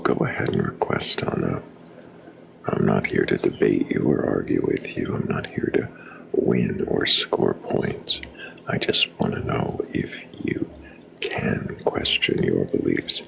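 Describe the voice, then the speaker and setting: Super deep gravelly guy hosting, slow and calm, not looking to argue. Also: a little hiss or hum. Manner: calm, inviting and non-confrontational. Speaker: host. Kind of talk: live talk-show hosting.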